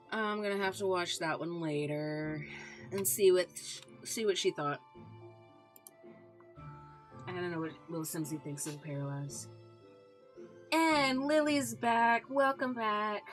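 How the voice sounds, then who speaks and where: A woman's voice: on the low side, a bit bright. A woman streaming a game, chatting casually with viewers and laughing easily as she plays. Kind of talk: casual gameplay commentary.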